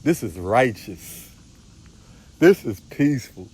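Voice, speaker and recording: A man's voice: medium pitch, very animated, slow, darkish tone, slightly rough. A man, a spiritual teacher, preaching on a livestream outdoors, repeating phrases with a sing-song emphasis.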